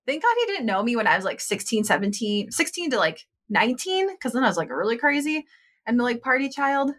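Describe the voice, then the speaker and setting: Thirties woman co-host, light higher pitch, giggly and loose storyteller. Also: very animated, a little fast, a bit bright. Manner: giggly, filler-heavy storytelling. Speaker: podcast co-host. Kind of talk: casual chat.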